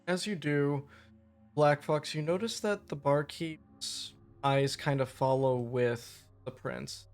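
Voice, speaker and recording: A man's voice: a little high, steady tone, slow pace, a little mellow, soft background music. A man running a tabletop game as game master, narrating casually with fillers.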